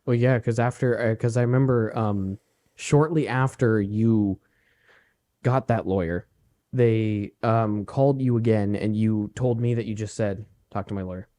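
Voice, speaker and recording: A man's voice: lowish voice, a little slow. A young man co-hosting a podcast, telling a story in casual chat, swearing freely and acting out the voices of people he quotes. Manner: profane, animated when acting out quotes. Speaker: podcast co-host.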